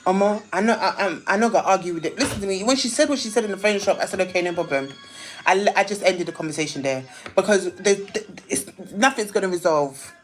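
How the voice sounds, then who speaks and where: A woman's voice: medium pitch, fast, hardly any pauses. Ranting woman on a livestream. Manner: emphatic, repetitive, ranting. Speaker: live streamer. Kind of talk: heated live-stream rant.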